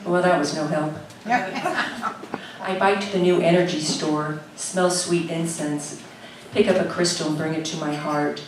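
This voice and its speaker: A woman's voice: low voice, fairly even intonation, a little slow, background noise. A woman telling a comic story in a wry, exasperated way. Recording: echoey room, mic from a distance.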